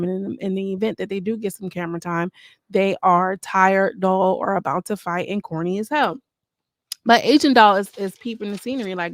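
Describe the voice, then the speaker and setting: A woman's voice: mid-range voice, dry recording, studio quality. A woman hosting a reality TV review channel, chatting casually with lots of slang and sassy asides. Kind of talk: casual commentary.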